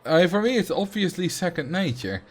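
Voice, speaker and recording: High-pitched and fairly quick with lively intonation, this Dutch-accented game streamer talks casually with his chat. Dutch is his native language, and he laughs readily while frequently restarting what he says.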